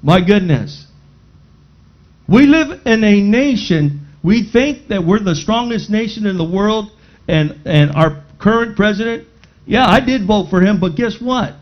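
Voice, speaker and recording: A man preaching a sermon with dramatic swings, rising to shouts at times. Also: high voice, expressive, measured pace, muffled recording. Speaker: pastor.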